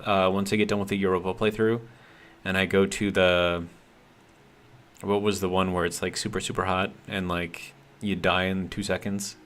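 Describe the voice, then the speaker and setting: A man's voice: low-pitched, little pitch movement, normal speed, a bit bright. A man streaming a game live, talking casually and reading chat messages aloud, in an easygoing, hesitant way with lots of ums and self-corrections.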